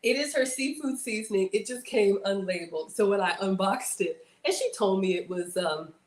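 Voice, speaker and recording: A woman's voice: medium pitch, animated, moderate pace. Lady cooking live, chatty, lots of y'all, kinda echoey room. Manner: chatty, addresses viewers as y'all; playful outbursts and sing-song bits. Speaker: livestream cooking host. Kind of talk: casual livestream chat while cooking.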